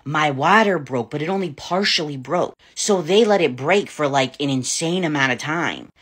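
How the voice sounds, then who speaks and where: A woman's voice: deep voice, animated, normal speed, fairly bright tone, slightly rough. Frank, laughing woman telling a story. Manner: frank and profane, laughing often. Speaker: parent vlogger. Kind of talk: casual storytelling to camera.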